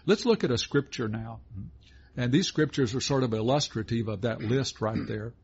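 A man's voice: medium pitch, normal speed, a little mellow, husky. A middle-aged man co-hosting a Christian teaching talk, folksy and affirming as he reads and explains scripture. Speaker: co-host of a Christian teaching show. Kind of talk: conversational Bible teaching. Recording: dull lo-fi sound.

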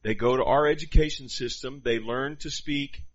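A man preaching a sermon in an animated, conversational way, with quoted asides to the congregation. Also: medium pitch, normal speed, lo-fi sound.

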